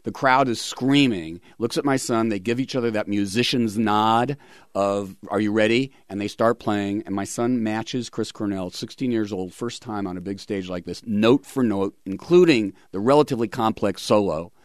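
A man's voice: lowish voice, moderate pace, no room sound, studio quality. A middle-aged man hosting a radio talk show, chatting in a rambling way with many fillers.

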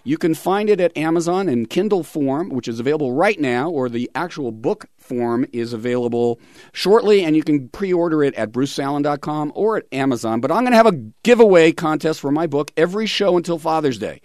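A man's voice: fairly high pitch, animated, a little fast, a little mellow, no echo, studio quality. A middle-aged man hosting a radio talk show, chatting in a rambling way with many fillers.

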